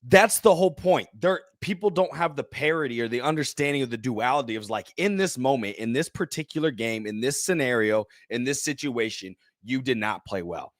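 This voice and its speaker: A man's voice: mid-range voice, expressive, brisk, hardly any pauses, no room sound, clean studio sound. A young man co-hosting a sports podcast, agreeing easily and laughing as he talks through his view. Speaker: podcast co-host. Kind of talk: casual podcast chat.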